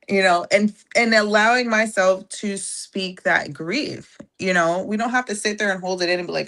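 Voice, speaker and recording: A woman speaking in a casual podcast conversation, reflective and halting, with many fillers and restarts. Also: mid-range voice, a bit bright. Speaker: podcast guest.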